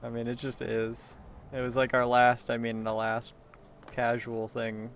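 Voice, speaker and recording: A man's voice: medium pitch, completely flat delivery, slow pace, long pauses, slight background noise. A man talking in a rambling solo monologue, meandering and profane, with frequent laughs and restarts.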